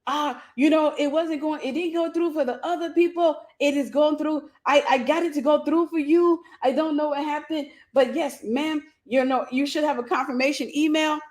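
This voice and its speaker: A woman voicing an excited male customer support agent on the phone, talking fast and repeating himself. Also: sits high, pitched above the performer's own voice, natural voice. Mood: overjoyed. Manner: overjoyed, rapid, repetitive.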